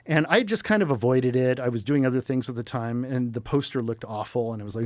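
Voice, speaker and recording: A middle-aged man talking casually as a podcast guest, telling animated, rambling stories full of quoted asides. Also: mid-range voice, brisk, no room sound. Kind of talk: casual chat.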